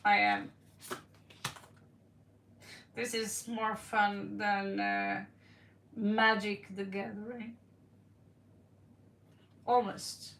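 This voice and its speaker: A woman's voice: medium pitch, animated, drawn-out words, pauses often, fairly bright tone, reverberant, distant mic. A woman reading tarot on a live stream, playful, giggly and rambling, recorded in her own room. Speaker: tarot reader.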